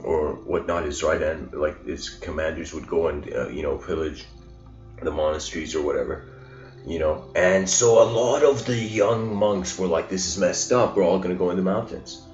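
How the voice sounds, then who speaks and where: Faint music sits under a roomy, dull lo-fi recording of a man telling stories in a casual spiritual lecture, wandering off track and performing quoted lines with mounting intensity. He has a low, slightly mellow voice at normal speed.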